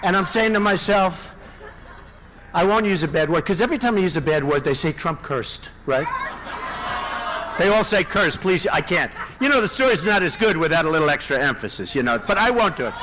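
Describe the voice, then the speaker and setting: Older man, 60s, candidate at a rally. High, very lively voice, circles back on himself and repeats lines, boastful asides, faint hiss under it. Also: brisk. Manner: rambling, repetitive, boastful asides. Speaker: presidential candidate. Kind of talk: campaign rally speech. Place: large indoor rally venue.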